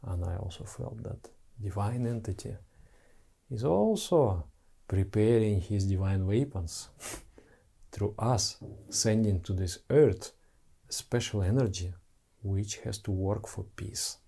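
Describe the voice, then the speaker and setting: A man's voice: fairly low pitch, slow pace, creaky, dark tone, husky. A man who is a spiritual teacher, giving an earnest, heartfelt devotional talk to followers in simple broken English.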